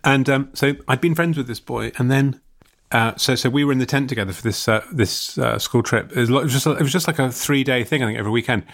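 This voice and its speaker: A man's voice: mid-range voice, fast, vocal fry, hardly any pauses, a bit bright. A man co-hosting a podcast over a video call, telling a story in a rambling, giggly way with many restarts. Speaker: podcast co-host. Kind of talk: casual comedic chat.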